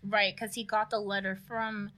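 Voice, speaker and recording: A woman co-hosting a podcast in casual chat, animated and swearing freely as she acts out quotes. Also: mid-range voice, normal speed. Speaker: podcast co-host. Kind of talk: casual chat recapping a TV series.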